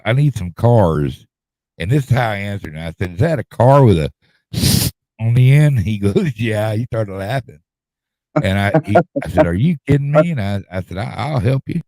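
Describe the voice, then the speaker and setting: In casual podcast chat, a middle-aged host drawls through a long story in folksy fashion, rambling and repeating himself. His voice is lowish and mellow, with no echo.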